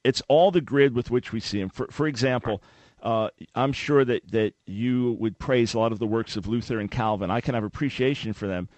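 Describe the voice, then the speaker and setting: A man hosting a radio debate with a caller, talking fast and often restarting his words as he jumps in. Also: medium pitch, a little mellow, no room sound. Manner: interjecting, repeats words when starting a thought. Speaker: radio show host.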